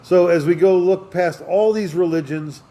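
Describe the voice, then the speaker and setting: A man's voice: high voice, moderate pace, mellow. A man hosting a podcast who talks in a loose, rambling way, mixing big ideas about history and love with jokes and lots of fillers. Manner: philosophical, joking, with many fillers. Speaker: podcast host. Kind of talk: casual rambling talk.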